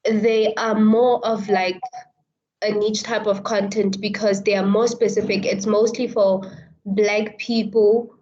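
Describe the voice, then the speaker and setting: A woman student answering in an online class, talking quickly and checking whether she is making sense. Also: medium pitch, level tone, mellow. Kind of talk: class discussion. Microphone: video call. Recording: muffled lo-fi audio.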